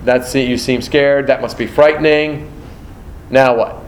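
A man's voice: medium pitch, fairly even intonation, a little slow, echoey room, slight background noise, low-quality recording. A man teaching a nursing exam prep class, quizzing students and acting out exam scenarios. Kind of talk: classroom lecture.

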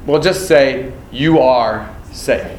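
A man's voice: medium pitch, takes it slowly, slight background noise. Echoey lecturing man, quizzing students. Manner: quizzing students, acting out exam scenarios. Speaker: nursing exam instructor. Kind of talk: classroom lecture.

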